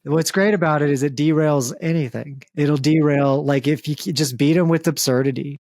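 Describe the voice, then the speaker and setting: A man's voice: a little high, steady tone, moderate pace, a little mellow, no echo. A young man hosting a comedic podcast, chatting casually with loose jokes, fillers and the odd curse. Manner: joking, loose, frequent fillers and profanity. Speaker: podcast host.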